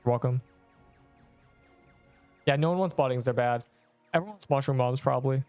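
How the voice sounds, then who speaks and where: A man's voice: mid-range voice, a little fast, darkish tone, dry recording, soft background music. A young man streaming a video game, chatting casually and rambling to his viewers. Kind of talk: casual live-stream commentary.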